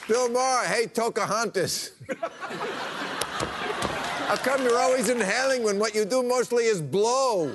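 A man's voice: very high voice, a little slow, pauses often. A man delivering a sarcastic comedy monologue as a late-night host, mocking with punchlines before a live audience. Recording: live studio audience with crowd noise.

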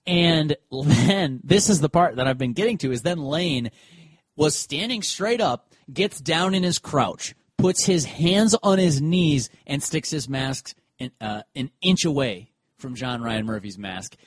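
A man's voice: a little high, unhurried, breathy edge, no echo. Man retelling a game on a dry mic. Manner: animated storyteller who acts out quotes. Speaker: podcast co-host. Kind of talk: casual sports chat.

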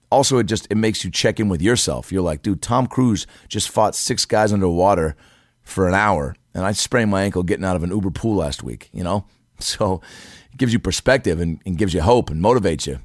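A man's voice: dry recording, clean studio sound. Laid-back profane man telling stories. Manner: animated, profane, acts out quotes in a higher voice. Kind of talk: casual storytelling.

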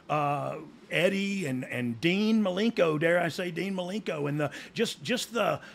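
A man's voice: a little high, vocal fry. A man with a drawl, co-hosting a podcast in a rambling, self-deprecating way. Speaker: podcast co-host, former wrestling insider. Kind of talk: casual chat.

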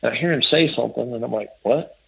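A man's voice: medium pitch, rapid-fire, vocal fry, husky. Rambling male storyteller, dull lo-fi sound. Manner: rambling, restarts often, quotes others in his story. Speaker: guest telling a hunting story. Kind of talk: casual spoken storytelling. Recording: dull lo-fi audio.

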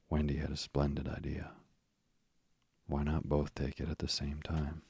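A man narrating a classic children's story in a gently wry manner. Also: a bass voice, completely flat delivery, moderate pace, gravelly, husky, no echo.

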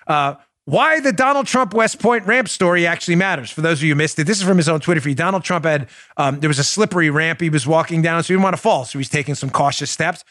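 A man's voice: on the high side, fast, few pauses, a bit bright, no echo, clean studio sound. A middle-aged man hosting a political commentary podcast, talking in a sarcastic, mocking and emphatic way. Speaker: podcast host, former police officer.

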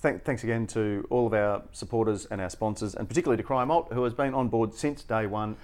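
A man's voice: on the low side, quick pace, a little mellow. A man co-hosting a podcast in casual chat, reading sponsor thanks and making wry jokes. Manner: wry, joking asides. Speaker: podcast co-host.

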